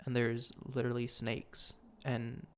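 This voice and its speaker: A man's voice: mid-range voice, completely flat delivery, a little slow, a bit bright, a little hiss or hum. A young man hosting a casual podcast with his sister. His mid-range voice wanders through thoughts, full of "like" and "um". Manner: rambling, many fillers and "like". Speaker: podcast host. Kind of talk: casual chat.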